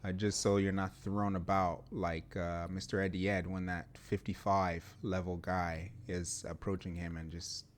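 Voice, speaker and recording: Male podcast co-host, low-pitched, emphatic, animated casual talker. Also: normal speed, few pauses. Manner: animated, emphatic, laughs often. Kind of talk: casual chat.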